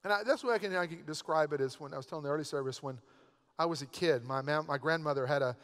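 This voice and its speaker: High-voiced pastor preaching in a church. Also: male voice, quick pace, fairly bright tone. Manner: conversational, storytelling with asides. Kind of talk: sermon. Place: church sanctuary. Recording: long church hall reverb.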